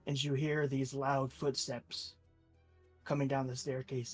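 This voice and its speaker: Man narrating as game master. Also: mid-range voice. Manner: descriptive, deliberate storytelling.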